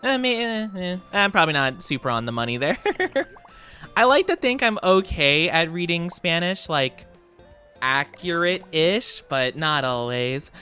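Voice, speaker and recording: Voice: mid-range voice, big pitch swings, measured pace, bright, forceful tone, clear, resonant tone, soft background music. A streamer casually chatting over gameplay, reading and answering chat messages with frequent giggles.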